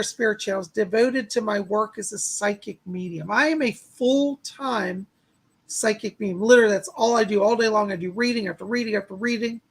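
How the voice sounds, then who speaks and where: A man's voice: sits high, gravelly, a bit bright, a little hiss or hum. A man in his sixties hosting a live-stream chat as a psychic medium, gushing and exclamatory as he greets viewers.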